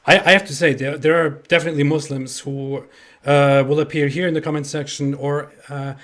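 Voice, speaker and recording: A man's voice: fairly high pitch, little pitch movement, a little fast, a bit bright. A man in casual live-stream chat, indignant and sarcastic, restarting his phrases often. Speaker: co-host.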